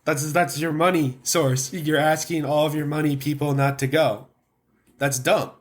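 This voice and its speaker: A man's voice: on the high side, fairly even intonation, moderate pace. Opinionated man ranting on a podcast. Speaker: podcast host. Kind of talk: casual podcast chat.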